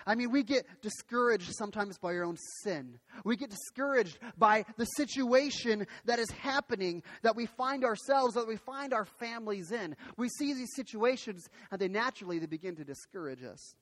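A man preaching a sermon as pastor, telling a story in an animated way, often restarting his sentences. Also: sits high, normal speed, hardly any pauses. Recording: long hall reverb.

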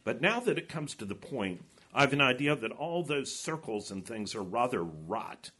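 A man's voice: mid-range voice, sing-song, normal speed, bright, forceful tone, slightly rough, exaggerated voice. A man reading aloud a curious, eager schoolboy from a storybook.

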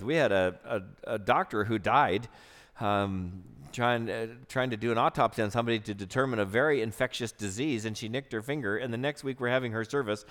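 Earnest preacher in a reverberant hall. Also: male voice, medium pitch. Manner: storytelling, earnest, shifts between loud and hushed. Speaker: pastor. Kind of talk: sermon.

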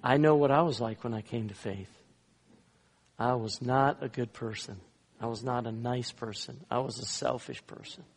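A man, a guest pastor, telling a story in a sermon, swinging between loud emphatic lines and hushed soft ones. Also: medium pitch, fairly even intonation, normal speed, husky. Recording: long reverb in a large hall.

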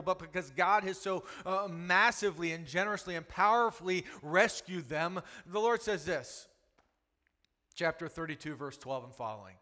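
A man's voice: high voice, pushed and bright, long reverb tail. A man preaching a sermon with emphasis, repetition and rhetorical questions. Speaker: pastor.

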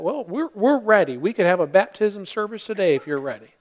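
A male pastor delivering a Christmas-season sermon in earnest tones, with dramatic pauses, telling a story with acted-out voices. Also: high-pitched, sing-song. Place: church sanctuary.

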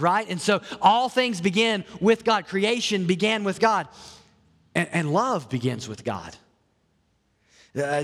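A man's voice: fairly high pitch, fairly bright tone, in a large hall. A man preaching a sermon as a pastor, earnest and often repeating or restarting his words.

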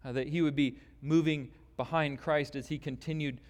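A man preaching a sermon as pastor, deliberate and emphatic, with long pauses. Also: on the high side, steady tone. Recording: long hall reverb.

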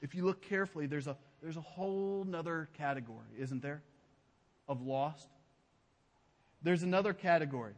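A man preaching a sermon as pastor. He speaks emphatically and drops to a hushed low voice on key phrases. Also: moderate pace, pauses often, big-room sound. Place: church sanctuary.

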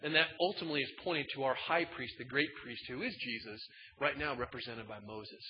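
Animated man preaching in a big hall. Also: medium pitch, a little fast, a little hiss or hum. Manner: animated, swings between loud emphatic bursts and quiet asides; casual, folksy phrasing. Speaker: pastor. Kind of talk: sermon. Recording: dull sound in a large reverberant hall.

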